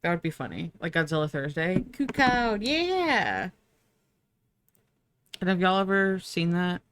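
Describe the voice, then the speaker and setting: A woman's voice: lowish voice, steady tone, fairly quick, background noise. A young woman streaming live, chatting casually with viewers while she draws, sleepy and yawning. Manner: chatty, bubbly, talks to chat and herself.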